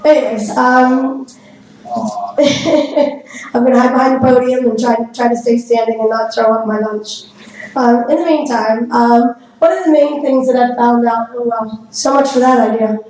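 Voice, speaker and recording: Woman, hoarse and scratchy, fast nervous conference speaker at a podium; very reverberant room with light background hiss. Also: a little high, a little mellow. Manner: fast talker, nervous, laughs often. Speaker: business owner giving a conference talk. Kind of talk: live conference talk. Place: stage in a large conference hall. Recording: very echoey hall, faint noise.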